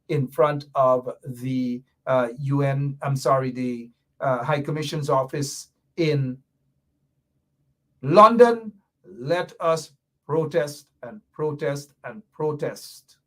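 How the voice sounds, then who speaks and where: A man hosting a political commentary show, emphatic and repetitive, with a mocking edge. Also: mid-range voice. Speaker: show host.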